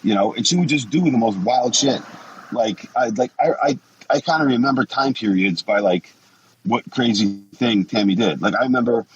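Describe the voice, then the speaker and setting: Here a man in his forties, once a wrestler, sits in as a podcast guest and rambles through blunt stories full of profanity in a casual interview. He has a mid-range voice at normal speed, and the recording cuts the highs and carries slight hiss or hum.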